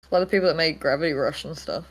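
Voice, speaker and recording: A woman's voice: sits low, rapid-fire, rough recording. A woman co-hosting a podcast, chatting in a laid-back way and hedging with "like". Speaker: podcast co-host. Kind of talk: casual chat.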